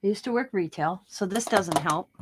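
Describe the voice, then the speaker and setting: A woman's voice: mid-range voice, normal speed, background noise. A middle-aged woman chatting casually about her day while she crafts, rambling and laughing as she goes. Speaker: craft vlogger.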